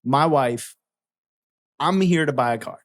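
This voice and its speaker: A man's voice: medium pitch, unhurried. A man telling a story in casual chat, swearing freely and acting out both sides of a heated argument.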